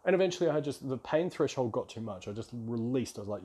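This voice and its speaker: A man's voice: mid-range voice, expressive, fast, few pauses, dark tone, breathy edge. A man hosting a podcast, telling a rambling, self-reflective story in a casual solo monologue. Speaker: podcast host.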